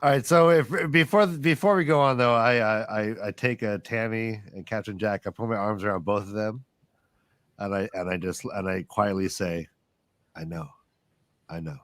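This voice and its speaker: Bright-voiced man acting out his game turn. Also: lowish voice, fairly even intonation, normal speed, no echo, studio quality. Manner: playful, acts out his character's moves aloud. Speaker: player. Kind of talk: casual tabletop play.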